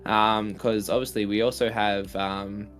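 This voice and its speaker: A man co-hosting a card game livestream in a low, laid-back voice. He rambles casually to the viewers and often goes quieter. Soft music plays faintly in the background. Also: unhurried. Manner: relaxed, rambling, drops to quiet asides. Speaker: co-host and commentator.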